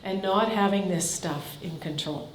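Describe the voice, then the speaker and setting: A woman's voice: mid-range voice, measured pace, a little hiss or hum. A woman in her fifties from Canada, a farm family coach giving a live seminar, blunt and direct, firing questions at the audience. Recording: echoey hall.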